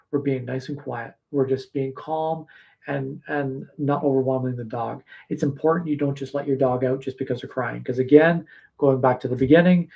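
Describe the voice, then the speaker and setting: A man working as a dog trainer, giving calm, practical advice on a live stream, pausing often with fillers. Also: fairly high pitch. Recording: slightly muffled stream audio.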